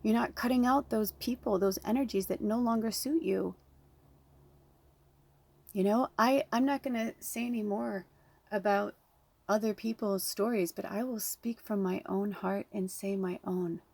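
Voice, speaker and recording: A woman in her thirties talks straight to her listeners as a spiritual medium, earnest and heartfelt, swearing bluntly. Her voice is gravelly and breathy, on the edge of tears. The sound is dry and close, with no room echo. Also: mid-range voice, measured pace, darkish tone. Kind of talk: emotional direct-to-camera talk.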